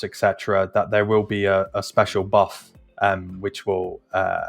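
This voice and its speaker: A man's voice: fairly low pitch, a bit bright. A man co-hosting a casual podcast, talking hesitantly with many restarts and ums.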